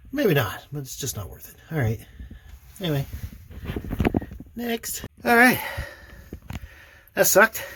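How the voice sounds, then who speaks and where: A fairly bright, mid-range male voice comes through with a little background noise as an older man works on his boat engine inside a sailboat cabin. Doing the motor refit himself, he narrates casually with dry self-deprecation and many fillers.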